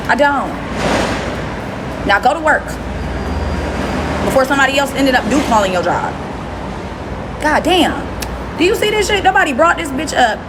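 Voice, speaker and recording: A woman hosts her own phone livestream and vents at a commenter in a blunt, scornful tone. Her voice sits on the high side, and she hammers the same dismissive lines again and again. A steady hum of background noise runs under her talk. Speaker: livestream host. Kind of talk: ranting livestream talk to viewers.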